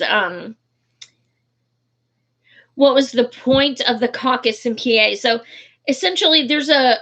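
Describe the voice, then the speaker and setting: A political activist speaks casually and heatedly in a vlog, her voice a little high and a bit bright. She swears often, restarts her sentences, and fills them with plenty of fillers. The recording is dull and lo-fi.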